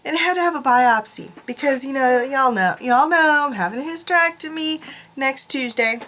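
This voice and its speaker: A middle-aged woman talking casually to her viewers, chatty and rambling with a self-mocking streak. Her voice sits a little high for a woman. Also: moderate pace, a bit bright. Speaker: craft vlogger. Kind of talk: casual chat.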